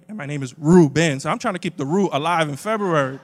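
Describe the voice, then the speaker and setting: A man with a high voice delivers a funny, animated sermon, jumping from loud bursts to hushed asides. His voice rings out with the long reverb of a church sanctuary. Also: quick pace, few pauses. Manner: animated, swings from loud exclamations to quiet asides. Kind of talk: humorous sermon. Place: church sanctuary with a live congregation.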